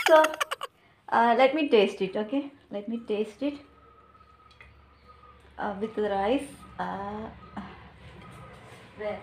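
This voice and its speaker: A woman talks slowly and casually while she cooks, chatty and laughing at her own mistakes. Her voice sits a little high. Dishes and cutlery clatter clearly in the home kitchen around her. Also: a little hiss or hum. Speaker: cooking vlogger. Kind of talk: casual cooking vlog.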